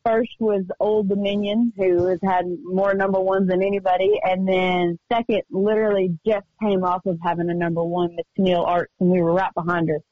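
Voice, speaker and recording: A woman singer-songwriter chatting as a guest in a radio interview, telling stories in an upbeat, quick way. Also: medium pitch, level tone, dry recording, lo-fi sound. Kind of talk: casual radio interview chat. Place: remote call from home studio.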